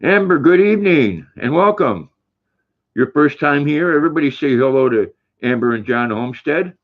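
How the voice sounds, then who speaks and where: Older male stream host, folksy and easygoing, reads chat aloud; muffled low-fi audio. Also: lively intonation, moderate pace. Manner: folksy, reads viewer comments aloud, talks to his dog. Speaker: livestream host. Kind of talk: casual livestream chat reading comments.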